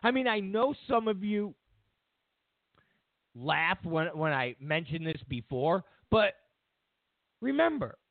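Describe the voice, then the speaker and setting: A man's voice: high voice, big pitch swings, slow pace, creaky, long pauses, dry recording. A man hosting a talk show, delivering a sarcastic, mocking political rant. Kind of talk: political commentary monologue. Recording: tinny phone-like dry sound.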